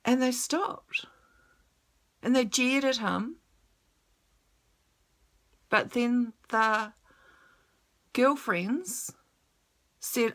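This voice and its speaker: Slow, bright-voiced woman telling a story. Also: on the high side. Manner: emotional, blunt, swears freely. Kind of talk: personal storytelling vlog.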